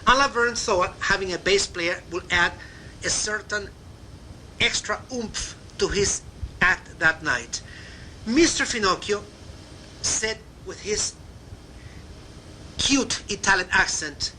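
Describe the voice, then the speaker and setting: An older man with a Cuban accent telling backstage memoir stories in a warm, chatty way. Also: sits high, a little slow, a little hiss or hum, poor audio. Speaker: narrator. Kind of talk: memoir storytelling.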